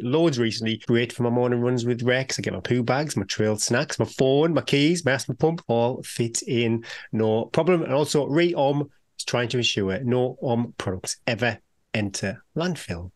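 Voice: medium pitch, expressive, normal speed. A podcast co-host of unclear sex, chatting casually, laughing often and stumbling over sentences. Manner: laughing, self-deprecating, stumbling. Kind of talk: casual chat.

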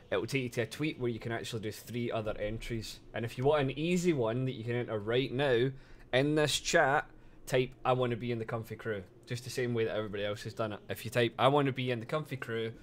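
A man chatting casually on a live stream, excitable and swearing freely, laughing often as he talks to his chat. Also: medium pitch, fairly quick.

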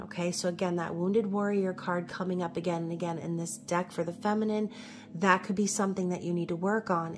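A woman from New York giving a casual tarot reading, chatty and reassuring, often checking in with "okay?". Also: fairly low pitch. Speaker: tarot reader.

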